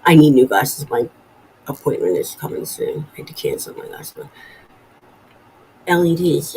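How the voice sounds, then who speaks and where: A woman's voice: deep voice, lively intonation, normal speed, long pauses, darkish tone, a little hiss or hum, poor audio. A woman in her forties hosting a casual live stream from home, rambling and chatty as she reads viewer comments aloud. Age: 40s. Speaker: livestream host.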